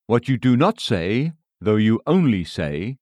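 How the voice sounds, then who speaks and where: A man's voice: lowish voice, sing-song, measured pace, dark tone, dry recording, studio quality. A man preaching a sermon to a congregation in a solemn, rhythmic cadence.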